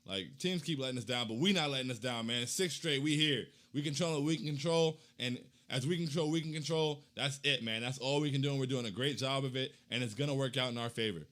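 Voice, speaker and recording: This young man talks fast with hardly any pauses as he reads fan comments on his casual postgame show. The slangy, hyped reading alternates between loud chanting and low muttering.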